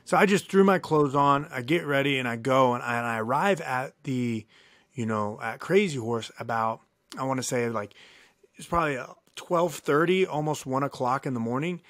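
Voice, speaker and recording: A man co-hosting a podcast, telling a long story in a casual, animated way, cursing freely and acting out what people said. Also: mid-range voice, moderate pace, no room sound, studio quality. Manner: animated, profane, acts out quoted dialogue. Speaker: podcast co-host.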